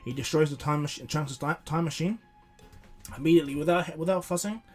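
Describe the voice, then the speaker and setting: A man's voice: a little high, brisk, breathy edge, faint music behind. A man casually retelling a fan-made story, rambling with many restarts.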